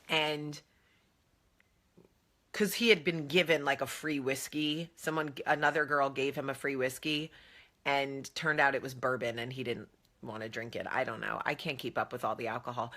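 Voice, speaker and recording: A woman in her thirties, a vlog host telling chatty, animated stories about her family. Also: extremely low pitch, normal speed. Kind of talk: casual chat.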